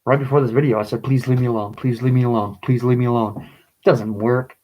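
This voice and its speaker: A man reading and explaining his own poem in a video, pleading and agitated, his voice rising into angry bursts, with halting restarts. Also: mid-range voice, steady tone, muffled recording. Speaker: vlogger.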